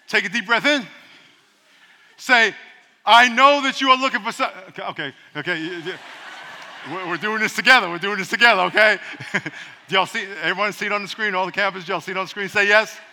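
Male pastor, sermon, call-and-response, very bright tone, echoey church hall. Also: sits high, fairly quick, pauses often, slight background noise. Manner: call-and-response preaching, playful asides.

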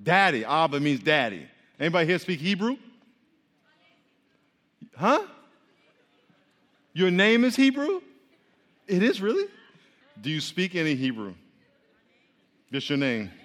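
High-voiced preacher leading call-and-response. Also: male voice, wildly swooping pitch, measured pace, pauses often, a bit bright. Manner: playful, teasing the congregation, leading repeat-after-me chants. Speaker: pastor. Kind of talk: interactive sermon with call-and-response. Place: church hall. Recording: long hall reverb.

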